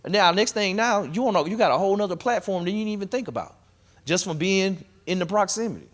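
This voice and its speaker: A man giving a live workshop talk on real estate investing to a room, energetic and conversational, coaching the audience directly. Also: high-pitched, fast.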